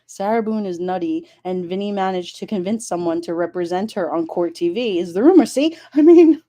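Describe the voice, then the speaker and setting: A woman chatting casually on a live stream, animated and incredulous, often exclaiming. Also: fairly low pitch, fairly quick. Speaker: streamer talking true crime.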